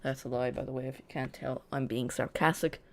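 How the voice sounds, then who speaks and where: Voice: mid-range voice, steady tone, brisk, noisy background. A watch-along host giving casual live football chat, rambling and correcting themself, with dry sarcastic asides.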